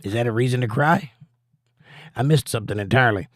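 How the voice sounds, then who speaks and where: A man's voice: mid-range voice, fast talker, a bit bright. A middle-aged man hosting a casual livestream, reading viewer comments aloud in an easygoing, folksy way. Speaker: livestream host.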